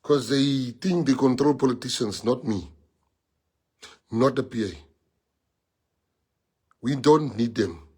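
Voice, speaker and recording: Rallying his supporters on a livestream, this party leader, a middle-aged South African man with the accent to match, speaks emphatically and repeats himself, tossing in Afrikaans phrases. His medium-pitched voice is darkish and slightly rough. He takes his time, leaving long pauses.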